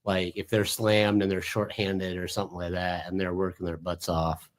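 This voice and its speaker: A man co-hosting a podcast, adding calm, agreeing points in casual chat. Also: low-pitched, moderate pace. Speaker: podcast co-host.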